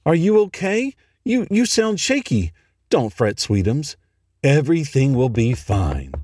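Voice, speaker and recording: A man's voice: medium pitch, big pitch swings, a little slow, darkish tone, dry recording, voice pushed up. A man voicing a creature pretending to be a mother, cooing and falsely reassuring. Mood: sweet. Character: creature faking a sweet, soothing mother. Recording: noisy home recording.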